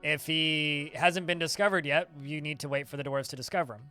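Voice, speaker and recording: Chatty man streaming, bright voice. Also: fairly high pitch, fairly even intonation, soft background music. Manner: chatty, fast-talking, answers chat questions. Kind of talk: casual livestream chat answering viewers.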